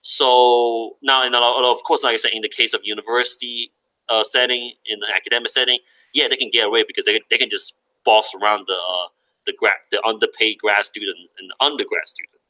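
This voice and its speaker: A man in casual discussion, talking haltingly with many fillers as he searches for words. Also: mid-range voice, fairly even intonation, sharp tone, poor audio.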